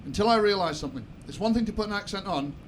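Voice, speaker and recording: A man's voice: high voice, lively intonation, racing. A young man with a Southwest English accent from Somerset, telling a chatty, self-mocking stand-up story on a club stage. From Somerset, England. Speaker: stand-up comedian. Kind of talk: stand-up comedy set. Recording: noisy live comedy club.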